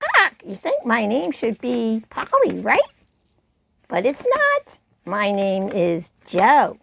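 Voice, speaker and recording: A woman's voice: on the high side, huge pitch swings, slow pace, vocal fry, fairly bright tone, slight background noise, exaggerated voice. A woman voicing a sassy male parrot puppet with a defiant, punchy delivery.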